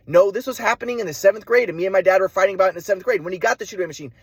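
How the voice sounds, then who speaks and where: A man's voice: sits high, racing, husky, no echo. A man in a rambling personal monologue, stammering with frequent restarts and swearing freely. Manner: repetitive restarts, stammering, profane. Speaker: vlogger.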